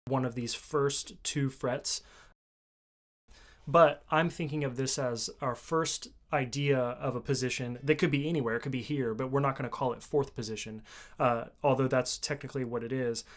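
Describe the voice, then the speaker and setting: A man giving a casual video lesson on the mandolin, explaining in a relaxed way with fillers and restarts. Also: mid-range voice. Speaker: mandolin teacher. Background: mandolin playing between phrases.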